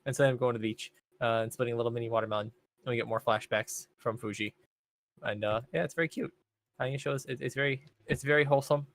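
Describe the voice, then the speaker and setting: A man's voice: mid-range voice, steady tone, fast talker, a bit bright, a little hiss or hum. A young man on a podcast, casually recapping an anime in a rambling, laid-back way with plenty of fillers. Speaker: podcast co-host. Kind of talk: casual chat.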